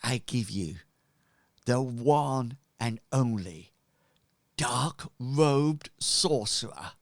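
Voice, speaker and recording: A man's voice: mid-range voice, animated, extremely slow, no room sound, studio quality. A man voicing a pompous robed male cult leader who makes grandiose speeches to his followers. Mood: commanding.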